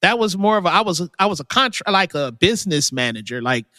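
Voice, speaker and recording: A man, a music producer guest, telling stories in a casual chat, leaping into high, lively voices when he quotes people. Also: fast talker, dry recording, studio quality, long reverb tail. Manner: animated, leaps high when quoting people.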